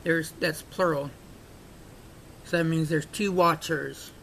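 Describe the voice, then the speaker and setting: A man's voice: fairly even intonation, slow pace, vocal fry, a bit bright, poor audio. A man, thinking aloud as he works through a puzzle, with many fillers and restarts. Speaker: puzzle-solving video creator. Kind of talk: casual on-screen analysis. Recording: faint rumbling background noise.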